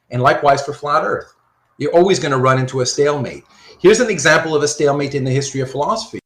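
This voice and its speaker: A man giving a philosophy lecture, animated and repetitive, often checking whether his students follow. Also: on the high side, quick pace, echoey room. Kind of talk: university lecture.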